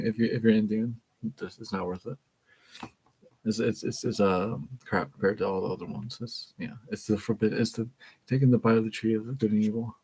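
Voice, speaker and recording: Husky-voiced man reading aloud casually. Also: lowish voice, steady tone, brisk, a little mellow, poor audio. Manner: chatty, laughing, stumbling over words while reading.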